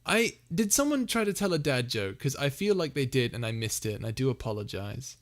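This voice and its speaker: A man's voice: medium pitch, sing-song, brisk. Giggly young man hosting a live Q&A. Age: young adult. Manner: giggly, reads chat messages aloud. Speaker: livestream host. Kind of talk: casual live Q&A chat.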